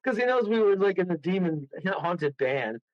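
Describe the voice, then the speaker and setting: A man's voice: high-pitched, very animated, normal speed, no room sound, lo-fi sound. A man, a guest medium on a radio show, telling a rambling story full of laughs and acted-out quotes.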